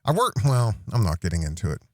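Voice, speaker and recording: A man's voice: on the low side, wildly swooping pitch, fast, darkish tone, dry recording, studio quality. A middle-aged man hosting a reaction commentary show, mocking and sarcastic, breaking into laughs as he talks.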